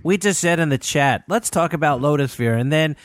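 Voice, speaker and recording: A man's voice: on the high side, a little fast, no room sound. A man hosting a casual podcast chat, teasing his guest and laughing often. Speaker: podcast host.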